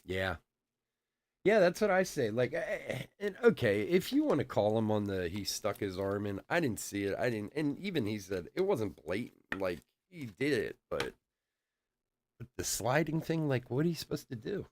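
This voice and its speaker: A man's voice: mid-range voice, very animated, moderate pace, a little mellow. A middle-aged man hosting a live card break, chatting casually and telling stories with frequent laughs while calling out cards. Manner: chatty storyteller, laughs often, calls out cards. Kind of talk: casual live-stream chat while opening card packs.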